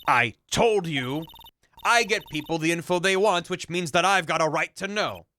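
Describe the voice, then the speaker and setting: A man voicing a brash young female journalist with a put-on Southern US accent, loud and pushy, over game music. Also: on the high side, normal speed. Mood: insistent. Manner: pushy, twangy, big exclamations.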